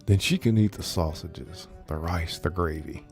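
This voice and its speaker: A man voicing a rude, scornful ship's cook in a low half-whisper, as whispered role-play. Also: normal speed, darkish tone, soft background music.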